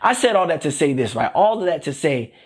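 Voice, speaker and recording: A man's voice: a little high, sing-song, a little fast, husky. A man preaching a conversational sermon, often repeating himself and checking in with "right?". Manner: repeats phrases and keeps asking "right?".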